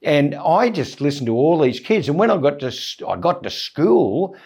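A man's voice: a little high, sing-song, normal speed, darkish tone, slightly rough. A man in his seventies with an Australian accent, a comedian guest chatting casually in an interview, rambling and jokey, laughing often. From England, raised in Australia. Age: 70s.

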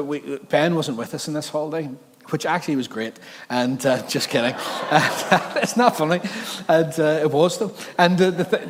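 A man's voice: a little high, big-room sound. A middle-aged man with a Northern Irish accent preaching a sermon in a chatty, joking way, laughing often. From Northern Ireland. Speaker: pastor. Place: large church hall.

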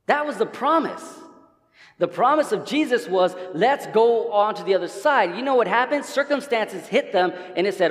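Higher-pitched male pastor preaching in a reverberant church. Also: lively intonation, normal speed. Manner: casual, conversational preaching with many restarts. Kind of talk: sermon. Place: church sanctuary.

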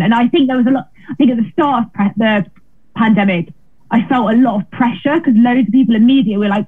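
A woman's voice: a little high, quick pace. A woman comedian chatting as an interview guest, self-deprecating and full of restarts, heard over a remote call. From Britain. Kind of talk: casual interview chat. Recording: tinny phone-like remote line.

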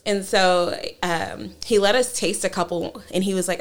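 Relaxed, chatty young woman co-host. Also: mid-range voice, moderate pace. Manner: relaxed, chatty, uses lots of 'like' fillers. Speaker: podcast co-host. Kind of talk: casual chat.

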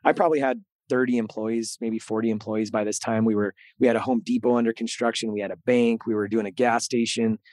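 A middle-aged man, a podcast host, telling a candid story in an interview, animated and earnest and often repeating words as he goes. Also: fairly low pitch, a little fast, hardly any pauses, no echo.

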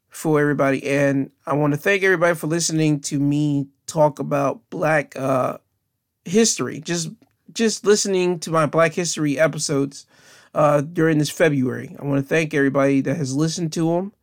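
A young man talks through the end of his solo podcast in a casual, rambling way. His voice sits a little high for a man, and he often stops and restarts his sentences. He keeps sounding earnest and encouraging as he thanks his listeners. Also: normal speed. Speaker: podcast host.

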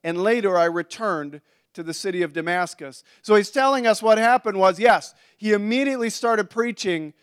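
A man's voice: sits high, moderate pace, clean tone. A man preaching a conversational sermon to a congregation, with asides and restarts. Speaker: pastor.

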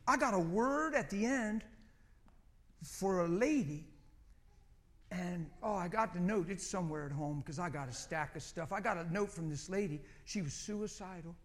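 High-voiced man preaching a story. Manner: storytelling, animated, pausing and repeating words. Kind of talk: sermon.

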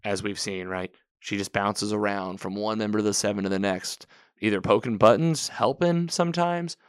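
A man's voice: lowish voice, normal speed, clear, resonant tone, dry recording, clean studio sound. A man casually recapping a TV episode, talking in a rambling way, correcting himself and quoting the characters as he goes.

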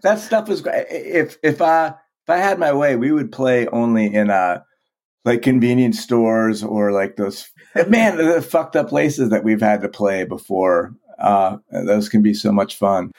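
A man from Vermont sits in as a podcast guest with a middle-pitched voice. He swears easily and keeps restarting his sentences, doubling words as he goes. The tone is loose, frank, conversational. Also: unhurried, darkish tone. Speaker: guest, band vocalist. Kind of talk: casual podcast interview.

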